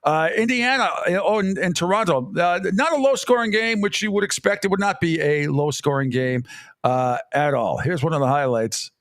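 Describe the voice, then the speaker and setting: Rambling middle-aged sports radio host. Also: male voice, a little high, normal speed, no room sound, studio quality. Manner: rambling animated storytelling with frequent laughs. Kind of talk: casual sports talk radio.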